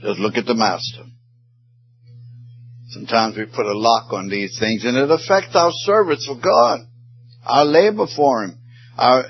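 A man's voice: mid-range voice, breathy edge. A man preaching a sermon, his voice swelling and falling with emotion. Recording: muffled sermon recording.

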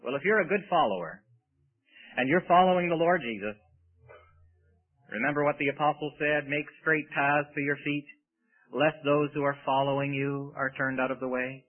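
A man's voice: medium pitch, steady tone, moderate pace, phone-quality sound. A man preaching a sermon with emphasis, often asking his listeners rhetorical questions.

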